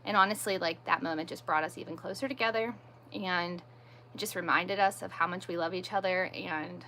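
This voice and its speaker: A woman's voice: lowish voice, moderate pace, pauses often, sharp tone, slight background noise. A woman hosting a casual livestream, venting emphatically and repeating herself, with frequent "like". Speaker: livestream host.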